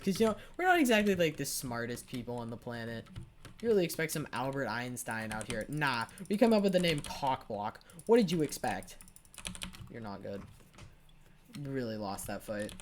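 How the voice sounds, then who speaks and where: Lively sarcastic teenage boy gamer. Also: medium pitch, a little hiss or hum. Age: teens. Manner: sarcastic, profane, rambling storyteller. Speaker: gaming channel host. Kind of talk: casual gameplay commentary.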